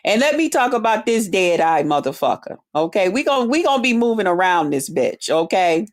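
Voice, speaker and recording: A woman's voice: medium pitch, big pitch swings, normal speed. Cursing, confrontational woman ranting. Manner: profane, confrontational, taunting. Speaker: online streamer. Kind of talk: angry rant to camera.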